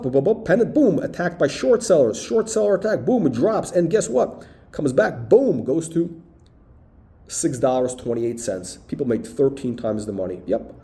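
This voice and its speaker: Emphatic man with a lively, mellow voice. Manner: emphatic, repeats "boom" and "okay". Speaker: stock market commentator. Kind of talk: chart walkthrough video.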